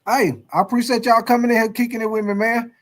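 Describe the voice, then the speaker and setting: A man hosting a casual live sports talk stream, calling out to his chat in a loose, excitable way and tagging his lines with "man" and "baby". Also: very high-pitched, fast.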